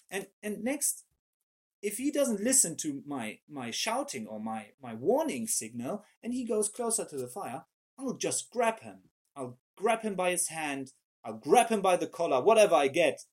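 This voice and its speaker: A man preaching a sermon in an animated way, often repeating words as he searches for the right phrase. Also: on the high side, husky.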